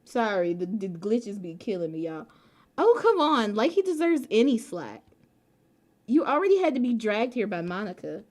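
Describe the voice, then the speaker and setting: A woman streaming a game from home, chatting casually with her viewers in an animated, slangy way. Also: medium pitch, moderate pace. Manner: animated, slangy, bursts into laughter.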